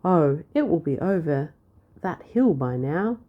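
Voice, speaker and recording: A woman's voice: low-pitched, animated, a little slow, muffled recording. A woman voicing a mischievous, bossy young girl shepherd in a read-aloud storybook, snapping and telling sweet little lies. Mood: sweetly fibbing. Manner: sharp, snappy and fibbing sweetly.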